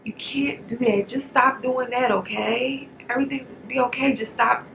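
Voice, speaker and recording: A woman's voice: a little high, steady tone, normal speed, gravelly, noisy background. A woman voicing a young man who keeps telling his girlfriend to stop, in a retold movie scene. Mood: scolding.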